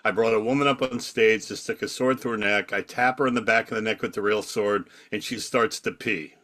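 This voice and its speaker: An older man, a comedy magician, telling a lively backstage anecdote in casual conversation and acting out the lines of the people in it. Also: on the low side, a little fast. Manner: animated anecdote telling with acted quotes. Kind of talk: casual storytelling.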